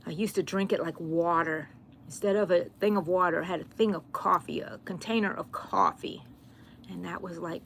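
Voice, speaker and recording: A middle-aged woman, chatting casually with viewers on a crochet livestream, given to sudden excited squeals. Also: mid-range voice, normal speed, gravelly, slight background noise.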